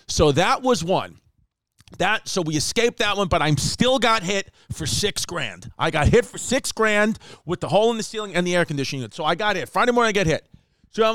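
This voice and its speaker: A man spins a rambling comic story, quick and animated, acting out quoted lines. His voice sits fairly high and sounds smooth and clear. The recording is dry and close. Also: no echo. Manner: animated, fast, acts out quotes with Spanish asides. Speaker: comedian telling a story. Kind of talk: casual storytelling monologue.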